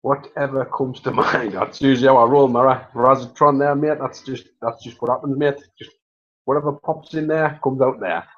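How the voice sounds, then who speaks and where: A man's voice: mid-range voice, fairly even intonation, normal speed, a bit bright, muffled recording. Rambling jokey man. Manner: chatty, rambling, jokey, laughs often. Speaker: livestream host. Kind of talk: casual livestream chat.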